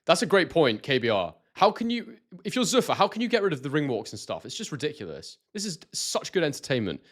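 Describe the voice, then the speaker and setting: A young British man from Scotland with a London-like accent, hosting a live boxing stream in casual commentary and reading out chat messages excitedly. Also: on the high side, fast. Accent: southern English, London-like.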